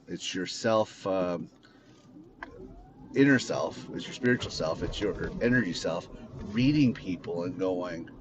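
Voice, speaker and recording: Man, blunt unscripted car monologue, lowish voice, dull lo-fi sound, faint road noise. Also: unhurried. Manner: blunt, rambling, swears freely. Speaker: podcast host.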